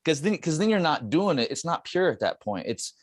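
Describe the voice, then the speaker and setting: A middle-aged man hosting a podcast, speaking earnestly and haltingly, restarting and repeating words as he works out his ideas. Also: a little high, very animated, no echo, clean studio sound. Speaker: podcast host. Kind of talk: reflective podcast conversation.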